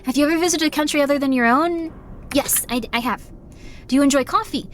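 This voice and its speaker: A woman's voice: sits high, quick pace, fairly bright tone, slight background noise. A young woman streamer chatting casually while she plays, rambling with lots of fillers and self-deprecating asides. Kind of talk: casual live-stream chat while gaming.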